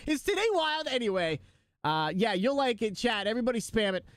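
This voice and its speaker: A man's voice: very high-pitched, big pitch swings, brisk, dry recording, studio quality. A man live streaming, chatting casually and joking with his viewers, laughing often.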